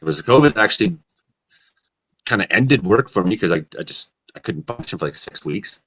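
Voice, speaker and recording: Low-voiced man telling rambling stories. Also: moderate pace, husky. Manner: rambling deadpan storyteller. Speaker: comedy weather show host. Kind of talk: casual chat.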